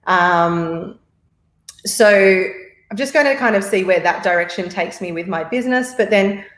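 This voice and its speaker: A woman's voice: mid-range voice, moderate pace, fairly bright tone, reverberant. An Australian woman chatting as a podcast guest, rambling and laughing often. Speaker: podcast guest, marketer and actor. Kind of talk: casual interview chat.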